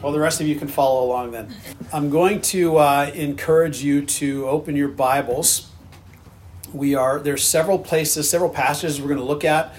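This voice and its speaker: Male pastor, high voice, earnest conversational sermon delivery. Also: fairly even intonation, normal speed. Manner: conversational, earnest, with frequent restarts.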